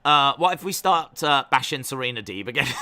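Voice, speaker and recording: A male stream host talks slowly in casual live-stream commentary and reads out chat as he goes. His voice is smooth and resonant, with a tense, forceful edge. He plays mock-stern and repeats his warnings for comic effect. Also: on the high side.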